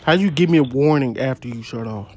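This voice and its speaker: A young man hosting a casual podcast, telling profane stories into a phone voice memo app and jumping up high when he quotes people. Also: fast talker, darkish tone. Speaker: podcast host. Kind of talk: casual chat, storytelling.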